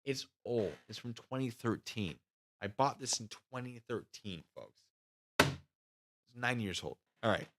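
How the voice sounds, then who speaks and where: A man's voice: medium pitch, measured pace, long pauses, very noisy. A man in his thirties telling army training stories to his live chat in a casual way, acting out the other voices. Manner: animated, acts out voices with loud shouts. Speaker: channel host recounting army training.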